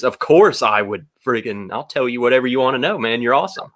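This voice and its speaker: A man's voice: medium pitch, lively intonation, fast talker, few pauses, a bit bright. A man joining a casual livestream chat as a guest, teasing and bantering in a playful, mock-suspicious way.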